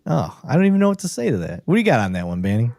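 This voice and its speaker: A male host chats casually on a live stream, laughing often and swearing freely. His pitch swoops up and down with lively energy, and the sound is close and dry. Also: rapid-fire, vocal fry, no echo. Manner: animated, profane, laughing a lot.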